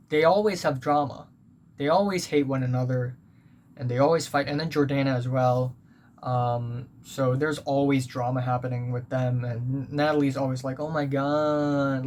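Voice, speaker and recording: A young vlogger recaps school life in a casual story, rambling, blunt, and offhand, full of ums and uhs. His voice is medium-pitched, and the home recording carries a steady background hum.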